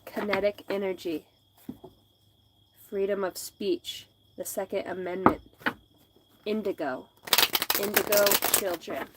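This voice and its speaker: A woman hosts a live intuitive reading, speaking slow and soothing spiritual messages at a middle pitch. She drifts into loose, laughing, profane rambles between the readings. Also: fairly even intonation, heavy background noise. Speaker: psychic livestream host.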